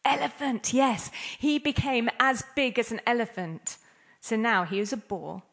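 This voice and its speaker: A woman's voice: a little high, a little slow, fairly bright tone. A woman giving an interactive scripture class, playful and laughing often as she quizzes her listeners. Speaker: class speaker.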